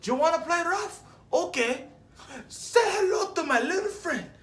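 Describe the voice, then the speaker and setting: A man's voice: very high-pitched, lively intonation, fairly bright tone, voice pushed up. A man doing a brash Tony Montana gangster. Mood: shouting. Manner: fast, gruff put-on gangster accent.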